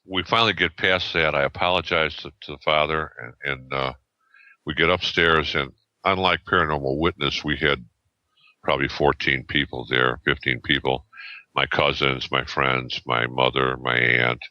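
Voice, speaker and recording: A man in his seventies, a podcast guest, telling a story in a rambling, halting way with many restarts and fillers, on a dull lo-fi recording. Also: very deep voice, fairly even intonation, bright, forceful tone, no echo. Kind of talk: casual storytelling. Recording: dull lo-fi sound.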